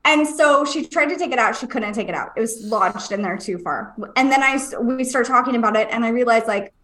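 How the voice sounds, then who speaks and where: High bright-voiced woman telling a story. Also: a little fast, reverberant. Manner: animated, laughing, acts out voices, swears freely. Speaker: podcast co-host. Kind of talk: casual storytelling chat.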